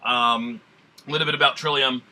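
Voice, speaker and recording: A man's voice: mid-range voice, fairly even intonation, a little fast, pushed and bright. A man talking in a put-on Southern drawl, reviewing a beer in a casual, rambling way with lots of fillers and some blunt swearing. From New England.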